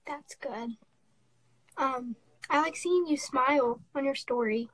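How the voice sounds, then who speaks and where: A young woman in her teens giving a halting, tearful apology on a phone live stream, full of fillers and restarts. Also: high voice, a bit bright, no echo, low-quality recording. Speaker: livestreamer.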